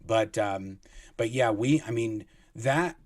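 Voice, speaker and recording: A man telling rambling, animated anecdotes as a guest, with many restarts. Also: mid-range voice, takes it slowly, no room sound. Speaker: guest, former Sea Org member. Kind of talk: casual storytelling in an interview.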